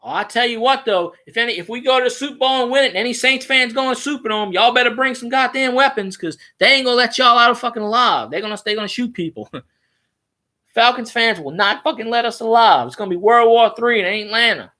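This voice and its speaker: A man rambling in a casual, profane, excitable monologue as a sports-fan vlogger. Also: very high voice, brisk.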